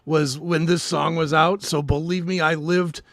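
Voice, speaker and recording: A man co-hosting a podcast, telling a story in casual chat, animated and swearing freely. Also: a little high, a little slow, no room sound. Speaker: podcast co-host.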